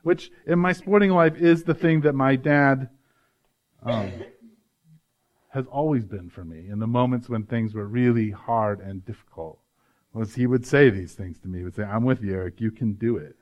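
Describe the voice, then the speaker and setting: A man's voice: mid-range voice, moderate pace, highs cut off. A male pastor giving an earnest, conversational sermon, often adding "right?" to his points.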